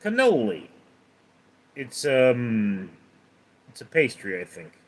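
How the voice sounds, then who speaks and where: A man hosts a casual livestream, reading out viewers' questions and answering them one by one. He talks slowly and hesitates often. His pitch rises and falls in lively swings. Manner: chatty and rambling, hesitant with ums. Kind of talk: casual live chat.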